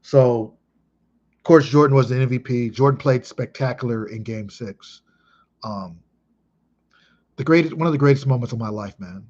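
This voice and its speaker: Man in his thirties, casual vlog monologue, mid-pitched voice, emphatic and profane, dull lo-fi audio. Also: moderate pace, long pauses. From Chicago. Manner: excitable, emphatic, heavy swearing. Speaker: vlogger.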